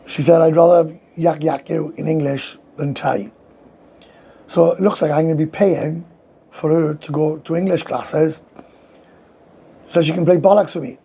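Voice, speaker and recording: Sitting indoors with a coffee, a weary livestream host from Wales reads viewer comments aloud in a Welsh accent, full of slang and swearing. His gravelly, husky voice sits on the high side with a dark tone.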